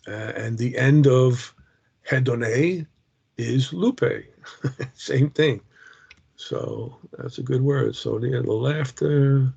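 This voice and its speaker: A man's voice: medium pitch, gravelly, a little mellow, husky. A man teaching a Bible word study over a video call, reading scripture aloud and talking casually with restarts. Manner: slow, reads scripture aloud, with many fillers and restarts. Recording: dull lo-fi video call audio.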